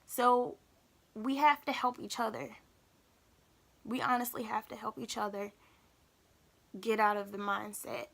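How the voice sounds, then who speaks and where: A young woman talking openly in a personal vlog, halting and emotional, often repeating herself. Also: fairly high pitch, level tone, gravelly, a bit bright. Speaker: vlogger.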